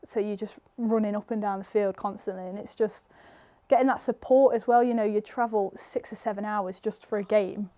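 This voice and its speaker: A woman's voice: mid-range voice, fairly even intonation, fairly quick, hardly any pauses, warm tone. A young woman with an English accent, chatting casually as an interview guest, full of "like" and "you know". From England. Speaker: guest footballer.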